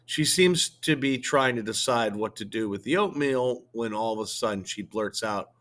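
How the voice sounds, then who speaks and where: A male teacher reading a novel aloud to his students, slowly and expressively, with filler words. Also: medium pitch, fairly bright tone.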